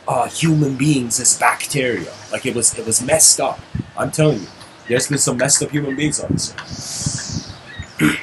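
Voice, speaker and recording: A man's voice: a little high, slight background noise, poor audio. A man giving a casual storytelling lecture, rambling with fillers and asides.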